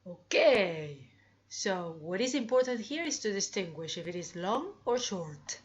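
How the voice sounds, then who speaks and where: Teaching comparatives in English grammar, this woman speaks in a sing-song, mid-range voice, lingering over drawn-out examples and brightly urging her students on. The recording is muffled, with slight background noise.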